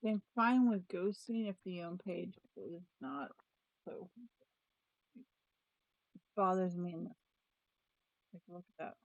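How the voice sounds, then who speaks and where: A woman's voice: fairly low pitch, measured pace, pauses often, dry recording, dull audio. A woman vlogger chatting casually about planners, thinking aloud with restarts and trailing sentences. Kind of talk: casual chat.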